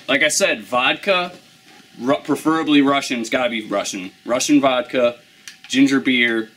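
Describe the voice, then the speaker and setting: A man's voice: mid-range voice, fairly bright tone, slight background noise. A man casually hosting a drink review, laid-back and rambling with fillers.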